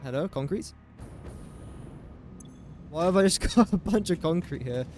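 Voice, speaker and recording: A man's voice: on the high side, lively intonation, a little slow, darkish tone, soft background music. A man talking to himself in casual gameplay commentary, rambling and easily sidetracked. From England. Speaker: gaming streamer.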